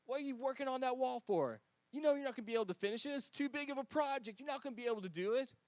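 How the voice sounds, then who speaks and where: Preacher doing sneering hecklers, high-pitched and fast-talking, dry sound. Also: male voice, dry recording. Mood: taunting. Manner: mocking, taunting, pushy. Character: jeering young male enemies of a hero.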